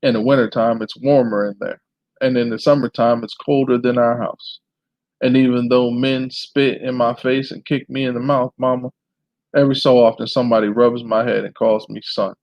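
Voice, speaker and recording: A man's voice: mid-range voice, steady tone, moderate pace, no echo. Man reading a memoir aloud, muffled. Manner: unpolished reading with small restarts and throat clearing.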